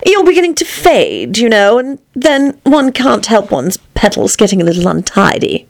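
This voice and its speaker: A prim talking rose hands out critical remarks with a falsely kind, superior air, as a woman reads it aloud. The voice rises and falls in wide, lively swings. It is a fussy storybook flower judging a newcomer. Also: fairly high pitch, moderate pace, vocal fry, no echo, voice pushed up, heavily acted. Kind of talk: storybook reading.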